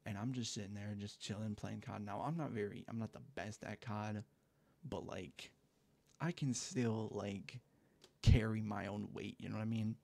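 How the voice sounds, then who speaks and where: A man's voice: on the low side, steady tone, normal speed, creaky, warm tone. A young man casually telling a story time, rambling and profane, with lots of filler words, on a headset mic at home. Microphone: gaming headset mic.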